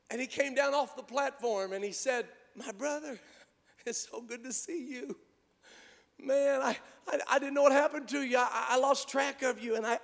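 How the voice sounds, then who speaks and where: A man preaching a sermon, moving between quiet storytelling and shouted, impassioned calls. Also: very high-pitched, gravelly, in a large hall. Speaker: pastor. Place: church.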